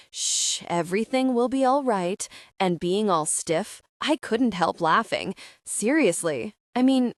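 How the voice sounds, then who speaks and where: A woman narrating a first-person audiobook in an expressive, wry, conversational way. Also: mid-range voice, no room sound, clean studio sound.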